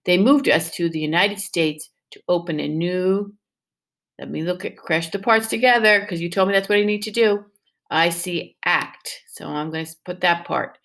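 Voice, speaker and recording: A woman with a lowish voice speaks at normal speed while reading a picture book to her first-grade class. She coaxes the children along, animated and encouraging, asking them exaggerated questions.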